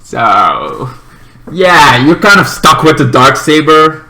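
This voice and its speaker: A man reviewing a TV episode in a casual, rambling way, full of fillers and restarts, sometimes bursting into loud acted-out lines from the characters. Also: on the high side, sing-song, slow pace. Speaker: TV show reviewer.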